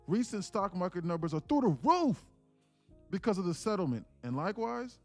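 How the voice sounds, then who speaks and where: A man doing a swaggering male politician who boasts at full volume, every line a triumphant announcement. The voice rides higher than the speaker's own, with faint music underneath. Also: big pitch swings, normal speed. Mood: boastful. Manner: loud, emphatic, bragging proclamation. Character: boastful aggressive male politician shouting in all caps.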